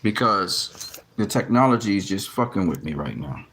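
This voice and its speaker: A man's voice: low-pitched, big pitch swings, normal speed, fairly bright tone, a little hiss or hum. A man talking casually to his camera about boxing, often frustrated and swearing, with lots of restarts and fillers. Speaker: boxing commentary vlogger.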